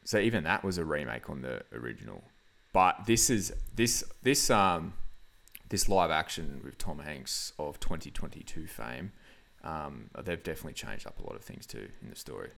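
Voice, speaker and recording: A man's voice: rumbling low, very animated, normal speed, vocal fry, fairly bright tone. A man hosting a casual film review podcast, rambling with lots of fillers and frequent laughs. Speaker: podcast host.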